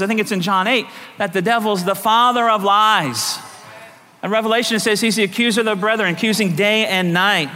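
Bright-voiced preacher in an echoing church. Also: male voice, high-pitched, slight background noise. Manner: preaching with repeated call-outs for amen. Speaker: pastor. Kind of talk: sermon. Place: church sanctuary. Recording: echoey church hall.

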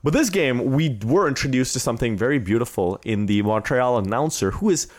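A man's voice: medium pitch, brisk. A man hosting a casual sports podcast, joking crudely and ranting with energy. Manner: crude joking, animated rants. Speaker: podcast host.

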